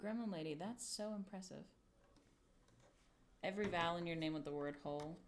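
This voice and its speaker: A woman's voice: sits low, steady tone, moderate pace, pauses often, a little hiss or hum. A young adult woman streaming live, muttering, swearing and chatting with viewers while she works on a craft project. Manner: muttering and self-deprecating, swears, talks to chat while working. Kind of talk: casual livestream crafting chatter.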